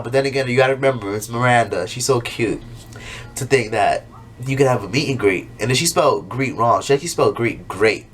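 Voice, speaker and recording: A man's voice: medium pitch, a little fast, fairly bright tone. Guy youtuber ranting about a show, swears a lot, does silly voices for the characters, light background hum. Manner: chatty, acts out characters' lines in jumping, exaggerated voices. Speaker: YouTuber reviewing a TV episode. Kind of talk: casual, profane recap monologue.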